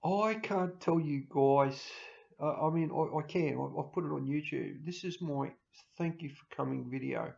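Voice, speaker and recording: A middle-aged man, rambling emotionally to camera in a farewell vlog, breaking into loud mimicry and laughter. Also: fairly high pitch, moderate pace, creaky. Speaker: YouTuber signing off. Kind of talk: casual personal talk to camera. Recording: dull lo-fi home recording.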